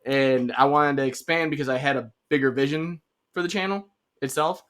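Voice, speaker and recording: A man's voice: a little high, brisk. Man hosting a podcast while fighting a cold. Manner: energetic, rambling storyteller. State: has a cold. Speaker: podcast host. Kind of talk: casual interview chat.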